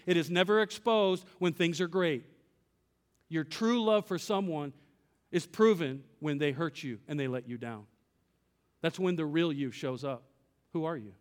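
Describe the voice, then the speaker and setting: A pastor with a slightly high voice preaches a sermon in a big-sounding room. He shares a personal story, acts out a dialogue with God, and puts direct questions to the congregation.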